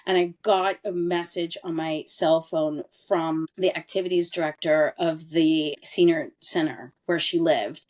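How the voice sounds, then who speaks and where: A woman in her forties speaks in an earnest, candid way, pressing hard on the words that matter. Her voice sits a little low. She tells a personal story as a podcast guest. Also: a little mellow. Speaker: interview guest. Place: lived abroad in Europe.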